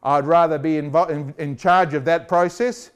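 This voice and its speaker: A man's voice: a little high, fairly even intonation, normal speed, smooth, close to an everyday voice. A desperate jailer lays out his grim choice in a matter-of-fact voice, as a preacher acts him out. He speaks plainly, close to the preacher's own voice.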